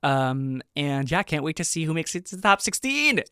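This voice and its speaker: A young man hosting a reaction video, excitable and gushing, breaking into bursts of shouting and laughter as he breaks down a dance performance. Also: on the high side, moderate pace, clear, resonant tone. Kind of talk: animated reaction commentary.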